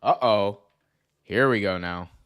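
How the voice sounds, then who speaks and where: With a clear, resonant voice on the low side, a young adult wrestling podcast host takes his time. Still, he's animated as he rants casually to live viewers, circling back to points, restarting sentences, and filling gaps with fillers.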